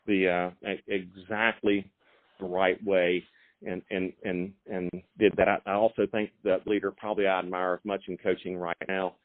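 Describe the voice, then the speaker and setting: Middle-aged male coach, stammering restarts, low voice, dry tinny phone line. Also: flat delivery, no room sound. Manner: halting, many repeated words and fillers. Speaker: high school football coach. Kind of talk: phone interview.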